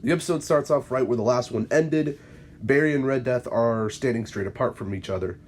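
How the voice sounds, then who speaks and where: A man's voice: low voice, normal speed, darkish tone, a little hiss or hum. A man hosting his channel, reading out a fan-written episode script in a plain, matter-of-fact way. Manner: plain, matter-of-fact narration with small slips. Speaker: channel host and narrator.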